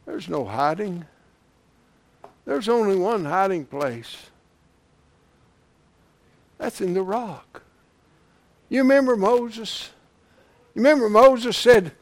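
A man preaching a sermon, moving from quiet retelling to loud, impassioned shouting with chuckles. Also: sits high, lively intonation, slow, creaky, long pauses.

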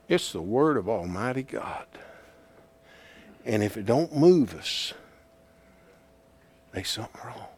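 A man teaching a Bible class in a folksy, plain-spoken way, swinging from hushed asides to loud emphasis. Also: on the high side, dry recording.

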